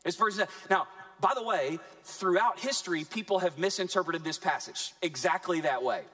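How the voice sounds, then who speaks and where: Male pastor, high voice, lively sermon delivery with dramatic pauses. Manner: animated preaching with dramatic pauses.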